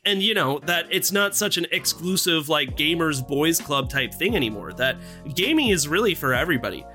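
A man with a high, bright voice chatting eagerly on a gaming podcast. He is animated and playfully theatrical, laughing often. Faint music plays under him. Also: moderate pace. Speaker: podcast co-host. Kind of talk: casual chat.

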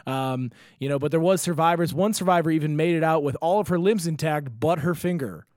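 A man's voice: on the high side, brisk, darkish tone, no echo, clean studio sound. A young man co-hosting a comedy podcast, rambling through a story with swearing and frequent laughter. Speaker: podcast co-host. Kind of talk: casual comedic chat.

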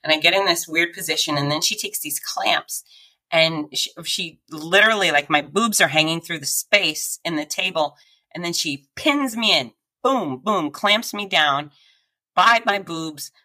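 A woman's voice: lowish voice, measured pace, rough recording. A woman guest on a podcast, telling a personal story animatedly, acting out the voices she quotes and laughing often. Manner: animated, acts out quoted voices and sound effects.

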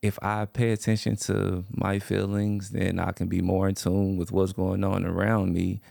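A man speaking as a podcast guest in casual chat, with a flat, laid-back, slangy way of talking. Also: sits low, normal speed, creaky, no echo, clean studio sound.

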